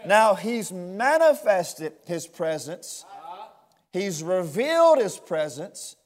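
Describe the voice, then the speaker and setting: A man preaching an impassioned sermon to a responding congregation, repeating words in rhythmic bursts that build to shouts. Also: sits high, very animated, slow pace. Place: church sanctuary with long reverb. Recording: reverberant church hall.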